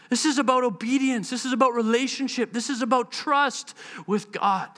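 A man preaching a sermon in a conversational, animated way, acting out the quotes he tells. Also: very high-pitched, moderate pace, hardly any pauses, in a large hall. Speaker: pastor.

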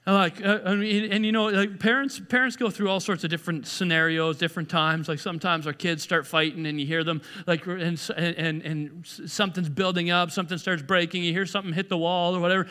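A man's voice: high-pitched, a little fast, few pauses, clear, resonant tone. A man preaching a sermon in a conversational way, often restarting and repeating words. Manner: conversational, animated, acts out quoted voices. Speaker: pastor. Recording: echoey hall.

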